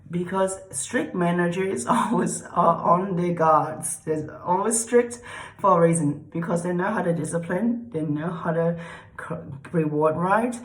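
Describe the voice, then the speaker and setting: A woman vlogger lecturing about dogs in a blunt, repetitive way, swearing freely and often checking with "okay?". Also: lowish voice. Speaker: dog trainer vlogger. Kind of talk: lecture-style casual talk to camera. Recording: echoey room.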